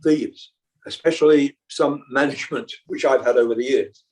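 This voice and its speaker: A man's voice: mid-range voice, normal speed, darkish tone, far from the mic, rough recording. An older British-born rock singer, a man, chatting casually as an interview guest, rambling with many fillers and restarts. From Britain.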